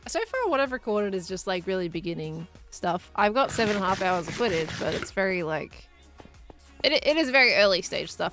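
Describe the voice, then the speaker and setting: A woman streams herself playing a building game, chatting casually, reading out chat messages, and thinking aloud as she builds. Her medium-pitched voice is lively, a bit bright, and a little fast. Soft music plays in the background.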